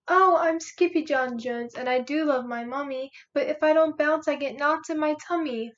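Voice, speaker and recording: Young woman doing a bouncy boy kitten, squealing and playful, high-pitched, muffled lo-fi recording. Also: normal speed, fairly bright tone. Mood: excited. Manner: squealing, playful, mock Spanish flourishes.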